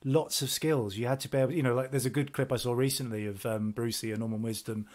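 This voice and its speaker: A man's voice: medium pitch, fairly even intonation, fast talker, a little mellow. A man co-hosting a comedy podcast, chatting enthusiastically over a video call. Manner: enthusiastic, rambling with fillers. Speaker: podcast co-host. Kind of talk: casual chat.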